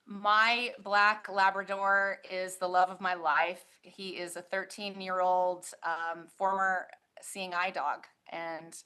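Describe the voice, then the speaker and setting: A woman with a bright, forward voice answers interview questions in a friendly, chatty way. She laughs easily and talks warmly about her life. She is a labor union leader appearing as a guest. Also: lowish voice, little pitch movement, slow pace, few pauses, smooth.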